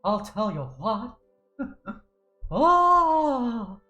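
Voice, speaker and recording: A young woman streamer rambles cheerfully between games, laughing often. Her pitch leaps up and down as she talks, and the sound carries a roomy echo. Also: animated, measured pace, highs cut off, soft background music. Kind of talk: casual chat while gaming.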